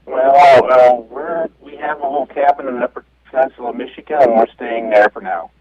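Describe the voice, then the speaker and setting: A man's voice: medium pitch, fairly even intonation, moderate pace. A man calling in as a radio guest, answering in a friendly, casual way. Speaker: interview guest. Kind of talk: phone interview. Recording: tinny phone line with crowd noise.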